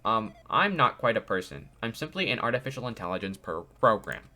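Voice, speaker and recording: A man voicing a calm artificial intelligence program with a polite, explanatory, robot-like manner while reading game dialogue aloud. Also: lowish voice, brisk, heavily acted.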